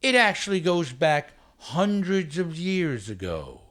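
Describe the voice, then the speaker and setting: A man hosting a casual comedy podcast, playful and a bit halting. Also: a little high, very animated, fairly bright tone. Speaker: podcast host.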